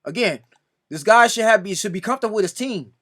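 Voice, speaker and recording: A man talks through a sports reaction video in a high voice, arguing straight at another commentator. His tone is bright and forceful, and he keeps pleading with exasperation as he makes his case. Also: lively intonation, fast talker. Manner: exasperated, repeatedly pleading "come on now"; addresses another commentator directly.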